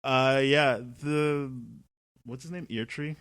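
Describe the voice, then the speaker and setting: A man co-hosting a film podcast in casual chat, relaxed, quoting movie lines as he talks. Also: mid-range voice, slow pace, clean tone, no echo, studio quality. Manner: relaxed, quotes movie lines, laughs between points. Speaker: podcast co-host.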